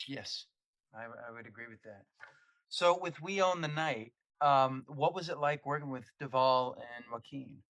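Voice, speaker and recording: A man's voice: mid-range voice, fairly bright tone, dry recording. A man hosting an interview podcast, chatting casually and chiming in with short agreement. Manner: agreeable, quick short backchannels. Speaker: podcast host.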